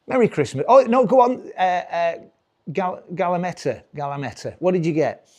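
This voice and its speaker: Chatty British comedian, fairly high voice. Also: male voice, expressive, normal speed. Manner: rambling, self-interrupting, chatty with the crowd. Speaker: stand-up comedian. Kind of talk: stand-up comedy.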